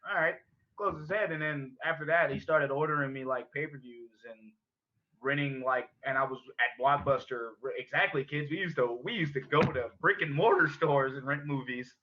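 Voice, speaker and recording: A man's voice: medium pitch, normal speed, a little hiss or hum. A young man chatting casually as a podcast co-host, telling rambling, profane stories and laughing at them. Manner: profane, rambling storyteller who laughs at his own stories. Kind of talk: casual chat. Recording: dull lo-fi podcast audio.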